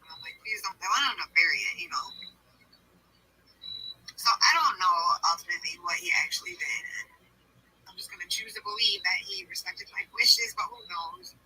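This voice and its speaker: A woman's voice: mid-range voice, lively intonation, moderate pace, bright, forceful tone, husky, poor audio. A woman livestreamer chatting in a rambling way, full of "like" and "you know". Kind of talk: livestream chat.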